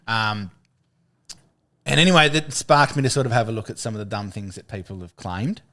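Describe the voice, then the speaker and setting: A man's voice: on the low side, fairly quick, pushed and bright, a little hiss or hum. An Australian man co-hosting a podcast, rambling with fillers and the odd swear in casual chat. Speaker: podcast co-host.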